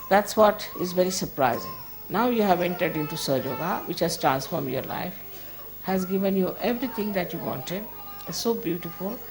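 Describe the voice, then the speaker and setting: A woman's voice: on the low side, lively intonation, moderate pace. A woman giving an informal spiritual talk as a teacher, conversational and firm, chiding at times and often laughing.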